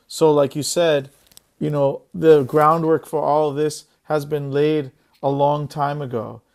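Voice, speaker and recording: A man's voice: a little high, little pitch movement, measured pace, vocal fry, darkish tone. A man on a video call, a music scholar speaking as a panelist in a casual webinar, thinking aloud in a reflective way.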